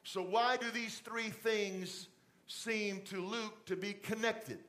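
Middle-aged pastor with a higher voice. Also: male voice, steady tone, slow pace. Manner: conversational preaching, drops to a soft fatherly voice for asides. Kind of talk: sermon. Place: church stage with TV lights.

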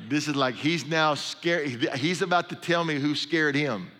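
A middle-aged male pastor preaching, his voice bright and forceful. He tells stories in a loose, conversational way with humorous asides. A long reverb trails each phrase, as in a large hall. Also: fairly high pitch, normal speed. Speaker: pastor and sports chaplain. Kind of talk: sermon.

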